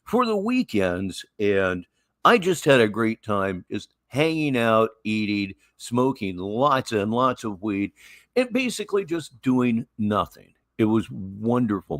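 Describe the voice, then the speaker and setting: A man's voice: on the low side, dry recording, studio quality. A man in his sixties hosting a livestream, telling rambling stories in a wry, casual way. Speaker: livestream host. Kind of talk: casual storytelling and live commentary.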